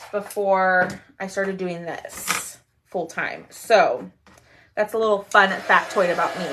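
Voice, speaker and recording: A woman's voice: medium pitch, noisy background. A woman in her thirties from Texas with a twang, hosting a chatty craft livestream and greeting viewers as she reads their comments. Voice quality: laughs often.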